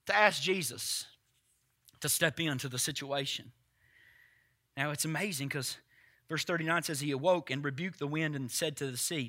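A pastor preaching in church, with a high, ringing voice and a very bright tone. He talks straight to his congregation in a loose, conversational way. Now and then he bursts into loud, shouted lines. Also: normal speed. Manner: swings from quiet asides to loud shouted quotes; conversational, addresses congregation directly. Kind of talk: sermon.

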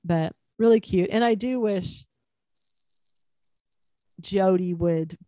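A woman's voice: medium pitch, takes it slowly, warm tone, no echo. A woman co-hosting a podcast, chatting casually and agreeing enthusiastically. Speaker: podcast co-host, author. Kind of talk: casual chat.

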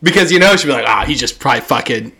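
A man's voice: medium pitch, lively intonation, bright, forceful tone. A man chatting casually on a podcast, joking and riffing with laughter. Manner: jokey, quick to laugh and riff. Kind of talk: casual chat.

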